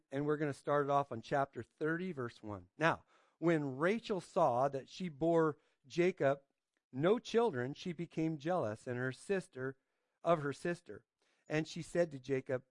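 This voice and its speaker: A pastor with a fairly high voice delivers a conversational sermon with scripture reading, asking listeners questions and checking in with "right?" He's hesitant, often pausing on fillers and restarting. The sound is dry and close, with no room sound.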